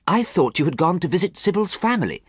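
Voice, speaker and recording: A man's voice: sits high, very animated, fast talker, dry recording, clean studio sound, voice pushed up. A man voicing a worried, earnest male painter who pleads with a friend, in a storybook reading. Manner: pleading, anxious.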